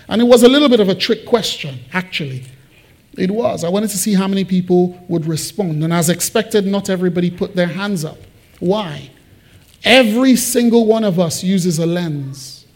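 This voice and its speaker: A pastor with a high-pitched voice preaches a sermon, putting questions to the congregation. He shifts between loud emphasis and quiet, personal confiding.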